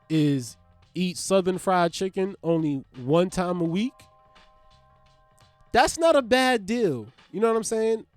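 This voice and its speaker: High-voiced New man riffing. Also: no echo. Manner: loose, profane, riffing with big swings in pitch and loudness. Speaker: podcast host. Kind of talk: casual comedic monologue.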